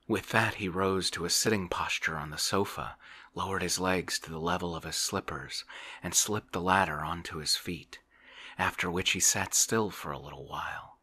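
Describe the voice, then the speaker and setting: Deep, soft-spoken male ASMR reader. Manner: slow, soft-spoken, drifting into whispers. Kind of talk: soft ASMR book reading.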